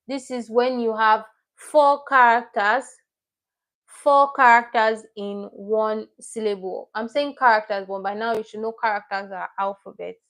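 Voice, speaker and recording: On the high side and a bit bright, this woman's voice guides a Korean lesson on livestream. She patiently takes learners through it step by step and repeats each word she covers.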